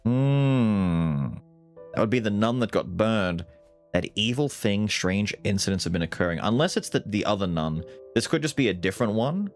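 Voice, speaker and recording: Lively low-voiced man gaming. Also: normal speed, soft background music. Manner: animated, thinking aloud, swears casually. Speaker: gaming YouTuber. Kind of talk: casual let's-play commentary.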